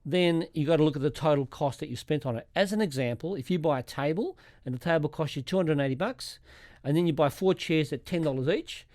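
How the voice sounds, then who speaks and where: Male accountant guest, methodical explainer, slightly high voice, dry studio sound. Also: fast, darkish tone, dry recording. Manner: methodical, walks through examples step by step. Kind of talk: explaining tax rules in a podcast.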